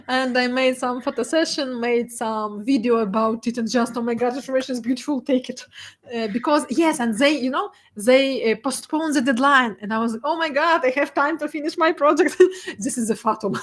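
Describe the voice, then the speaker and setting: Giggly woman presenting. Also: fairly high pitch. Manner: laughs often, emotional, many fillers and restarts. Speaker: guest speaker, data artist. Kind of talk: presentation talk.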